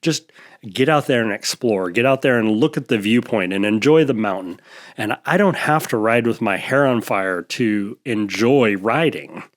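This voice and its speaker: A man chatting casually on a podcast, speaking in a relaxed, reflective way. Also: lowish voice, moderate pace. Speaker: podcast guest. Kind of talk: casual chat.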